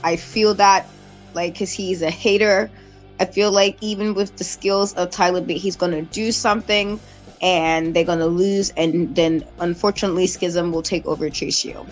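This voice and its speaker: A woman guest on a wrestling chat show, talking on her phone in a relaxed, hesitant way. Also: lowish voice, moderate pace, soft background music, rough recording. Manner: relaxed, hesitant, speaks in likes. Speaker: guest panelist. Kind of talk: casual wrestling prediction chat.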